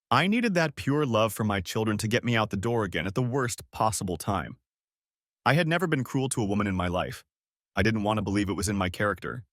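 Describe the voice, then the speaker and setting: A man's voice: fairly low pitch, a bit bright, no echo, clean studio sound. A man narrating a dramatic first-person audiobook story in a bitter, intense manner.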